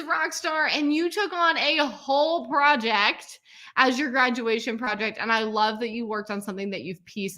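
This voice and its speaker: A woman hosting a quilting class celebration, gushing with praise and calling out each student's name with a loud cheer. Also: mid-range voice. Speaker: quilting teacher and host. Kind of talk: livestream celebration of student work.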